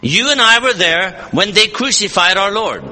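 A male preacher with a high, bright, sharp voice that swings widely in pitch, delivering an earnest, emphatic sermon. He repeats and rephrases his points as he reads scripture, heard with a long echo from a church hall. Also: animated, normal speed, slight background noise. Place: church service.

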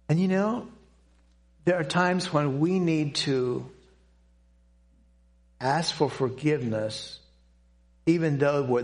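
An older man telling a personal testimony to a church audience, speaking in an earnest, halting way with pauses and restarts. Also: mid-range voice. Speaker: Christian speaker giving a testimony.

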